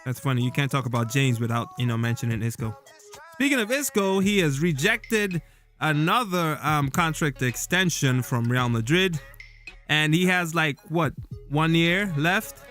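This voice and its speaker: A man's voice: fairly high pitch, expressive, normal speed, a bit bright, faint music behind. A man giving casual solo football commentary as a vlog host, rambling loosely with fillers and restarts. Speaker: football vlogger.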